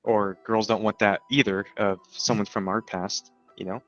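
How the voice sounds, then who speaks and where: A man's voice: lowish voice, little pitch movement, normal speed, a bit bright, lo-fi sound, soft background music. A man chatting casually on a stream, mostly agreeing with short replies. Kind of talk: casual chat.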